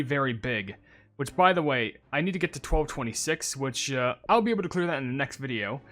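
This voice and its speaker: Chatty young gaming YouTuber. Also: male voice, fairly high pitch. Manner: chatty, excitable, rambling. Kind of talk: casual gameplay commentary. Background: game music.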